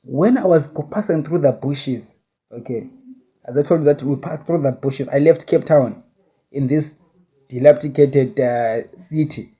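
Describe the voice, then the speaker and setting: A man talks through a vision he had, rambling and circling back with restarts and hedges. His voice sits a little high for a man, with a dark, mellow tone. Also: measured pace, slightly rough, dull audio. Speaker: speaker recounting a vision. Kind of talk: casual spoken monologue.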